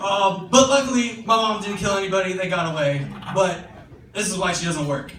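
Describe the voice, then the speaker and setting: A man's voice: high voice, fairly quick, a bit bright, roomy sound, far from the mic, slight background noise. A young man performing a casual, profane stand-up set, full of fillers and self-deprecation. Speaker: stand-up comedian. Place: comedy club stage with audience laughter.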